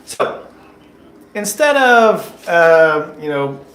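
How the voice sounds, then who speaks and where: A man's voice: on the high side, sing-song, drawn-out words, a bit bright. A man coaching job seekers in a casual, joking way, giving patient advice during a mock interview. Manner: upbeat, joking, explains patiently. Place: coffee shop, indoors. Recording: echoey coffee shop room.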